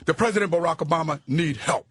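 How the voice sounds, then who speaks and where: A man in his sixties, a guest on a talk radio show, speaking loudly, roughly and emphatically as he preaches his views. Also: a little high, fast, no room sound. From United States. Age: 60s.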